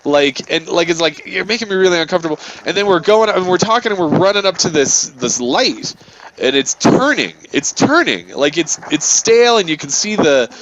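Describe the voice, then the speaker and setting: A man's voice: on the high side, moderate pace, dull audio, a little hiss or hum. A man hosting a gaming channel, telling a rambling story full of swearing and filler words. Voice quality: profane, filler-heavy, animated retelling. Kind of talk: rambling storytelling over gameplay.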